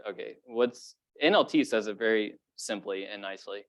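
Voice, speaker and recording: A man's voice: on the low side, normal speed. A young adult man preaching a sermon in a casual, conversational way, full of fillers and rising when he stresses a point. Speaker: pastor.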